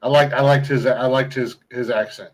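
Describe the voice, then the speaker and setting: A man's voice: medium pitch, fairly even intonation, moderate pace, rough recording. A man from Ohio hosting a podcast in casual, crude, rambling chat, laughing often. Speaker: podcast host.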